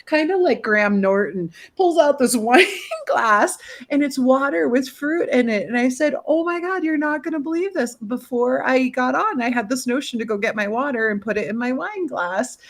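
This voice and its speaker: A woman hosting a podcast, chatting casually over a video call in an animated, gushing way, with the odd swear word. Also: a little high, moderate pace. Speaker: podcast host. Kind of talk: casual chat.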